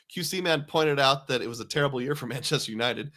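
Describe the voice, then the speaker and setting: A man's voice: medium pitch, expressive, brisk, bright, forceful tone. A man hosting a casual live stream, rambling as he reads viewer comments aloud and jokes along with them.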